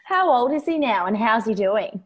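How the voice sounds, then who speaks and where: A woman with a notably high voice hosts a podcast. She asks her guest questions gently and with empathy, drawing the story out. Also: animated, normal speed, breathy edge. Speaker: podcast host. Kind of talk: interviewing.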